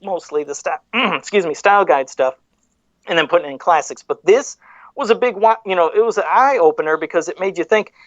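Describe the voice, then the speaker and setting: A man's voice: fairly high pitch, no room sound. Rambling male podcast host, dull dry sound. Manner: rambling, self-correcting, with side rants. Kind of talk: casual podcast chat.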